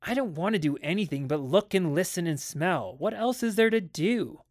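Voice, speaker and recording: A man puts on a spoiled boy in a spoiled storybook household. He is cold and defiant, and his replies snap back. The voice is high and dry. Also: expressive, moderate pace, dry recording. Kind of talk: dramatic audiobook reading.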